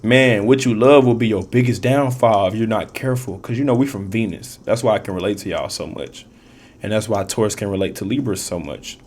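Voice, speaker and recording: A man's voice: on the low side, a little fast, a little mellow. A man giving a casual tarot reading, rambling and repeating himself, in loose, profane street slang with frequent laughs. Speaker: tarot reader.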